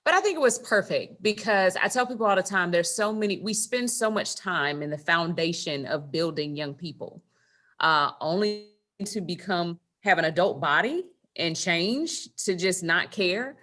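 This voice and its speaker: A woman's voice: on the low side, animated, normal speed, fairly bright tone. A woman hosting an online conversation, speaking earnestly and repeating phrases for emphasis. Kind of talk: casual chat. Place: online video call.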